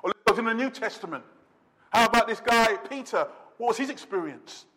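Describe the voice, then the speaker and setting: A man preaching a sermon as pastor, emphatic, slowing down to stress words and dropping to a quiet intensity. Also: extremely high pitch, animated.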